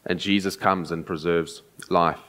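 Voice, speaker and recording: A man preaching an earnest, explanatory sermon, often pausing and restarting as he thinks. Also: sits low, fairly even intonation, a bit bright.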